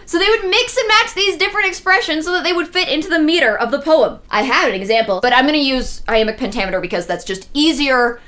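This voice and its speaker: A woman giving a casual, digressive livestream talk on ancient poetry, jumping into animated bursts of excitement and slowing down to recite verse in a measured rhythm. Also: high voice. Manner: chatty, digressive, animated with sudden excited jumps. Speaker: streamer explaining mythology. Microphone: streaming setup.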